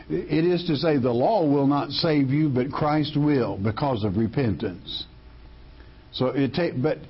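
Husky, emphatic man preaching a folksy sermon. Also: on the high side, muffled recording. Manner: folksy, emphatic, repeats words when restarting.

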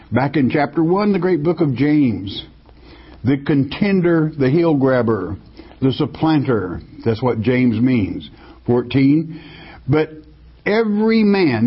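A man's voice: mid-range voice, breathy edge. A man preaching a sermon, reading scripture verses aloud and then explaining them in plain, folksy talk. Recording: dull lo-fi sermon recording.

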